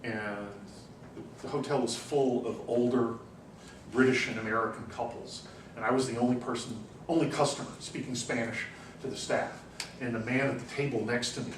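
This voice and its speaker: A man giving a university class lecture, telling anecdotes in an animated, chatty way with frequent "you know"s. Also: medium pitch, normal speed. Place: lecture room. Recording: roomy classroom, distant mic, faint hum.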